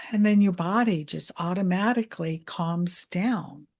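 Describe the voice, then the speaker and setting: A woman money mindset coach giving a calm, soothing self-help training talk. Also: fairly low pitch. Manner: calm, slow, soothing guidance.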